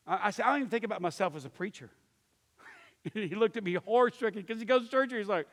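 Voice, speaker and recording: High-voiced pastor man, storytelling. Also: fast, fairly bright tone. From Pittsburgh area. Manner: storytelling, acts out voices, many restarts and fillers. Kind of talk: teaching talk to a church class. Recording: long hall reverb.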